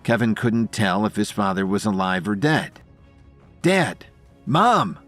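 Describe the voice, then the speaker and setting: A man's voice: on the low side, fairly even intonation, moderate pace, soft background music. A man narrating an audio drama with dramatic storytelling.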